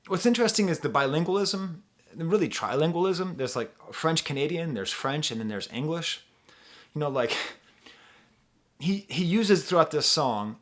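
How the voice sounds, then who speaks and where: A man's voice: medium pitch, a bit bright. An American man talking casually as an album reviewer, enthusiastic and full of asides as he explains lyrics. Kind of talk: casual music review talk.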